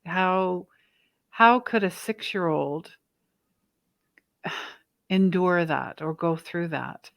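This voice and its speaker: A woman's voice: on the low side, very slow, gravelly, pauses often, no room sound. Chatty woman host, dry close sound. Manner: warmly reactive, chatty with frequent fillers. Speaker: podcast host. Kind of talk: conversational interview.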